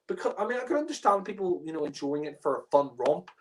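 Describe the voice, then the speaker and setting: A man's voice: on the high side, sing-song, fast talker, slight background noise. A man rants through a casual spoken review in an exasperated, profane way. His talk is loose and full of fillers like "you know" and "like." He breaks into laughter often as he complains.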